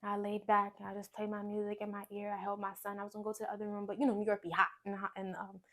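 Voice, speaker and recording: Woman, young adult, personal testimony, earnest storytelling, hushed at times. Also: monotone, racing. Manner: earnest, storytelling, drops to quiet low voice when recounting. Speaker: guest sharing testimony.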